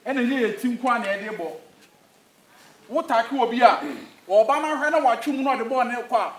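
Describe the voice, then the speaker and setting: A man's voice: very high voice, a little fast, a bit bright. A man with a Ghanaian accent playing a football coach in a comedy skit, giving bossy orders and mixing Twi with English. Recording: echoey, far from the mic, faint noise.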